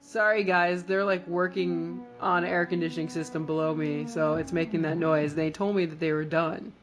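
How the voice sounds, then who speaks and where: A woman with a somewhat low voice co-hosts a podcast. She rambles through a casual TV recap, leaning on lots of fillers and restarts. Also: flat delivery, moderate pace, music in the background. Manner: chatty, rambling, filler-heavy. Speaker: podcast co-host. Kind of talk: casual episode recap chat.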